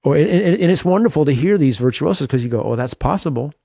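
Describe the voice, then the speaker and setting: A man's voice: a little high, lively intonation, fast talker, vocal fry, warm tone, no room sound, studio quality. A man, a guitarist guest in an interview, talking earnestly and self-deprecatingly with lots of restarts. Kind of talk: reflective interview talk.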